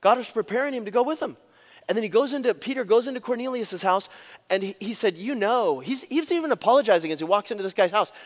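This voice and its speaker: A man preaching a sermon as pastor, telling stories with big swings in pitch and loudness. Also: animated, fast, big-room sound.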